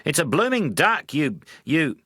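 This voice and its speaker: A man's voice: mid-range voice, very animated, fairly quick, fairly bright tone, no echo, clean studio sound, pitched above the performer's own voice. A man doing an exasperated young husband. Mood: irritated. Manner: exasperated, blustering. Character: irritable young newlywed husband.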